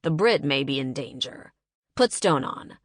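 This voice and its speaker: A curt, impatient spy boss. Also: female voice, rumbling low, animated, unhurried, no room sound, clean studio sound, exaggerated voice. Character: terse male government spy boss. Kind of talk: audiobook character voice.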